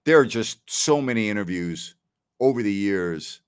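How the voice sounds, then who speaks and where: Low-voiced man hosting a casual sports talk show. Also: expressive, normal speed, clean tone. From New York. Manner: storytelling, repeats words, quotes others. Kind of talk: casual chat with live-stream listeners.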